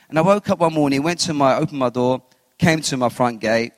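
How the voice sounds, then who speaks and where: A man giving a personal faith testimony as an interview guest, telling his story with animated retellings of what he said and thought. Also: a little high, fast, no room sound, big-room sound. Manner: animated storyteller who acts out his own quotes.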